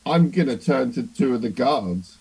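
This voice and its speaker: A man at a tabletop game talks through his character's moves hesitantly, leaning on fillers. His voice is dark and mellow with a husky edge, at a middle pitch. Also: expressive, normal speed, rough recording. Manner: hesitant, lots of ums and sort ofs. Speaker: player. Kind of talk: casual tabletop play.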